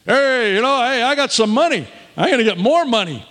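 A preacher playing a greedy, fast-talking money-grabber in a brash, pushy tone. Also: male voice, very high-pitched, animated, fairly bright tone, long reverb tail, pitched above the performer's own voice.

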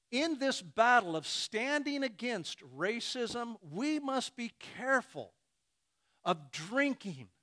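A man preaching in a high, lively voice that swoops up and down. He talks slowly and deliberately, acting out little back-and-forth exchanges and chuckling between his points. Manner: animated, acts out imagined dialogues. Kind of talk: sermon.

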